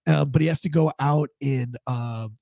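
Congested man with a gravelly voice. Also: medium pitch, normal speed, dark tone, no room sound. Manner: rambling, with frequent fillers and restarts. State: stuffed-up head cold. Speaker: host. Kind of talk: casual news commentary show.

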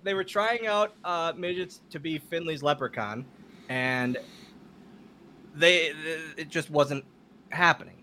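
A man guest on a podcast, telling casual stories in an animated way. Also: fairly high pitch, takes it slowly, pauses often, a little hiss or hum. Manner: animated, laughing storyteller. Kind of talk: casual storytelling.

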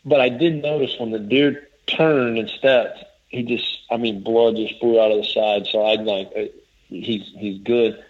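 A man's voice: on the low side, fairly even intonation, unhurried. A man casually telling a long story as a guest, rambling and restarting as he quotes others. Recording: dull lo-fi audio.

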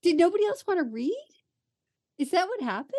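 A woman's voice: very high-pitched, very animated, fairly quick, mellow. A woman co-hosting a podcast in casual chat, mostly short reactions and playful quips. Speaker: podcast co-host.

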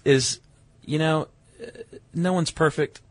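A man's voice: on the high side, fairly even intonation, takes it slowly, no room sound. A middle-aged man co-hosting a podcast, chatting casually and reading listener mail in an easygoing way. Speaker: podcast co-host. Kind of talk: casual chat.

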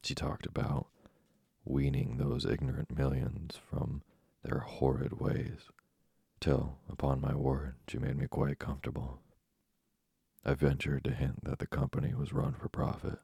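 A man narrating an audiobook in a measured, wry first-person reading. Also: very deep voice, completely flat delivery, creaky, dark tone, husky, no room sound.

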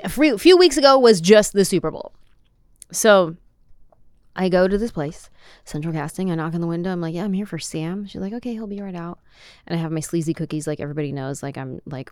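A middle-aged woman telling a story in casual chat, animated and acting out the quotes. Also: sits low, clean tone, no echo. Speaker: podcast guest.

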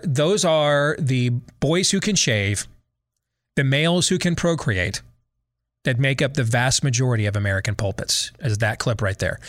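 A man's voice: mid-range voice, a bit bright. A man hosting a podcast, giving sarcastic, opinionated commentary with mocking repetition. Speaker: podcast host.

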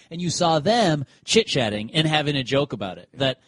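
A man's voice: mid-range voice, brisk, few pauses, dry recording. A man co-hosting a sports podcast in casual chat, telling stories and acting out what players and umpires said. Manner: animated storyteller who acts out quotes. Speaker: podcast co-host.

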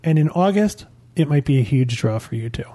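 A man's voice: fairly high pitch, lively intonation, fairly quick, mellow. A man co-hosting a casual podcast, earnestly giving advice and repeating points for emphasis. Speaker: podcast co-host.

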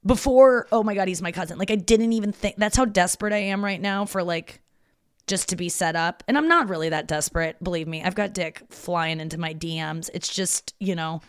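A comedian in her thirties hosts a solo podcast from her parents' house, in a slightly low voice. She talks in a candid, confessional way, wandering from thought to thought with plenty of fillers and casual swearing. The recording is close and dry, with no room echo. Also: normal speed, smooth.

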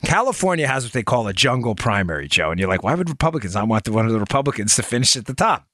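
Emphatic talk show host, dry close sound. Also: male voice, medium pitch, sing-song, very fast, fairly bright tone, no echo. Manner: emphatic, digressive, addresses listeners directly. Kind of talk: conversational political monologue.

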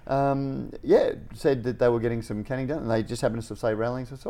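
A man's voice: mid-range voice, steady tone, fast talker, vocal fry, few pauses, mellow. A man co-hosting a podcast, chatting loosely and rambling between laughs. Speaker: podcast co-host. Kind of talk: casual podcast chat.

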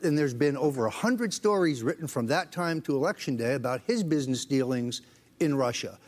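A man on a talk show, defending himself insistently with quick, firm rebuttals. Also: mid-range voice, animated. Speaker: political operative guest. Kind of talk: combative talk-show debate.

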